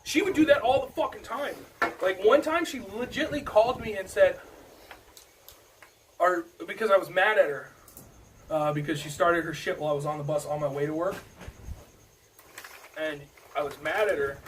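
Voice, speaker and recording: Man, podcast co-host, profane storyteller, slightly high voice, off-mic, faint hiss. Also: normal speed, long pauses. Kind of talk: casual podcast chat. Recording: distant mic with faint noise.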